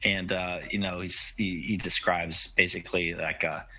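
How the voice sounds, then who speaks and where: A man's voice: low-pitched, level tone, normal speed, pushed and bright, dull audio, faint music behind. A man narrating a tabletop role-playing game as game master, in a casual, hesitant way.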